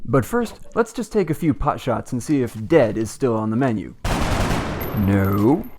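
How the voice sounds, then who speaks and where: A man giving comedic, scripted let's-play commentary in a sarcastic, deadpan manner. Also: mid-range voice, normal speed. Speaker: gameplay commentator.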